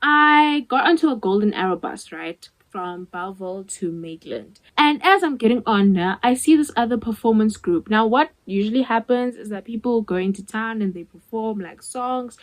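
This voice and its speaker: A woman's voice: fairly high pitch, normal speed, hardly any pauses, rough recording. Chatty South African woman telling a story. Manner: animated storytelling, acting out dialogue; chatty, many "like" fillers. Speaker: vlogger. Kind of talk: storytime vlog.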